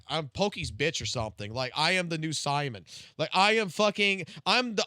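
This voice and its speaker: A man's voice: high voice, sharp tone, no room sound, clean studio sound. A man live-streaming, ranting casually with heavy swearing and rambling restarts. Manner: profane, rambling, restarts sentences. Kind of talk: casual late-night stream rant.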